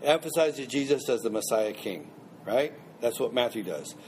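A man's voice: medium pitch, lively intonation, moderate pace, a little hiss or hum. A man teaching a Bible class in a conversational way, asking the class questions and repeating points for emphasis.

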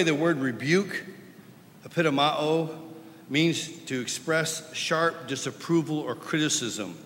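A man preaching a sermon, his pitch sitting somewhat high as he presses his points. He swings between loud, stern emphasis and hushed asides. A long reverb rings after his words, with faint room noise underneath. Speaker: pastor.

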